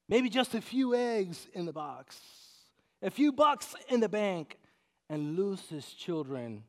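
A middle-aged man from Puerto Rico, a pastor preaching a sermon with humorous storytelling, swinging between loud and soft as he acts out quotes. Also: sits high.

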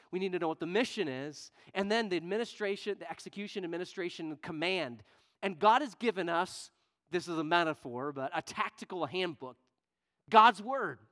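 A male pastor preaching a sermon in church, shifting from loud, emphatic questions to quiet, low asides. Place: church sanctuary.

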